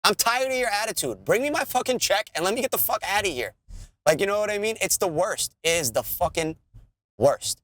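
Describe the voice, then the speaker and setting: A man's voice: sits high, a little fast, no echo. A man, co-hosting a podcast and ranting in casual, profane chat. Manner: animated, swearing ranter. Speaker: podcast co-host.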